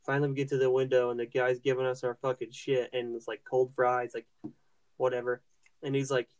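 A man's voice: medium pitch, flat delivery, a little fast, darkish tone. A young man in a mid-range voice rambles through a profane anecdote. He restarts his sentences often, and his voice climbs as he gets worked up. He talks in a loose, casual podcast style. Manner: rambling, heavy swearing, frequent restarts. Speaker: podcast host.

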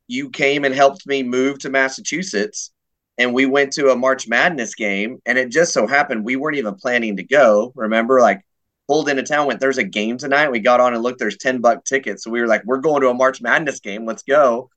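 A man co-hosting a casual sports podcast, relaxed and laughing along. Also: medium pitch, a little fast, rough recording. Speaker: podcast co-host.

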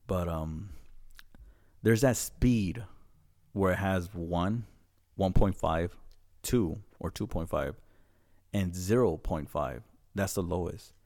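A man's voice: low voice, slow, darkish tone. A young man co-hosting a podcast, telling rambling, profane stories in casual chat. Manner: rambling, profane storytelling with quoted voices. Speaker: podcast co-host.

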